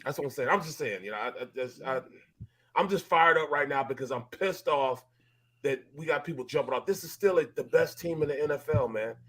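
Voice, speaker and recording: Middle-aged ex-lineman ranting about his team, worked up, keeps repeating himself, voice sits a bit high. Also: a little fast, a bit bright. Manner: fired up, emphatic, repeats himself. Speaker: former NFL lineman, guest analyst. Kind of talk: heated sports talk.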